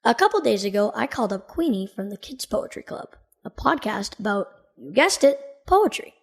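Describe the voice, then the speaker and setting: A woman's voice: mid-range voice, lively intonation, brisk, creaky, breathy edge. A woman hosting a podcast in a playful, joking way. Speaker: podcast host.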